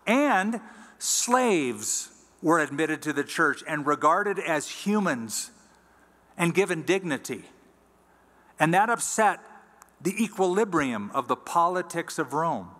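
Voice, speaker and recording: A man preaching a sermon as pastor, teaching in a conversational way and reading scripture aloud slowly. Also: a little high, big pitch swings, sharp tone, in a large hall. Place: church sanctuary.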